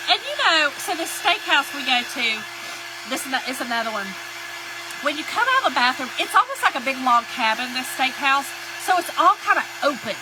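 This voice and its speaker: Crafting on a live stream, a woman greets her viewers and tells a folksy story in a chatty, sing-song way. Her voice sits high and moves fairly quickly, and a hair dryer can be heard in the background.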